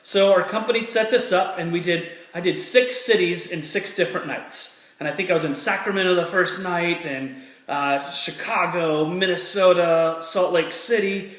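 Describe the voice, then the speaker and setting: A fired-up man talks straight to camera in a motivational style, his voice sitting high for a man. He is earnest and hammers his points home by repeating them. The room around him is echoey. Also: moderate pace, a bit bright. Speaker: motivational speaker. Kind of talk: personal story and motivational talk to camera.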